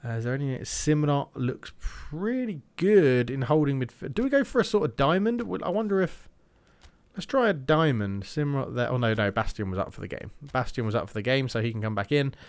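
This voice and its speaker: A man's voice: mid-range voice, lively intonation, brisk, smooth. A young man giving casual gameplay commentary, thinking aloud and slipping into mock match commentary. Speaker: gaming YouTuber.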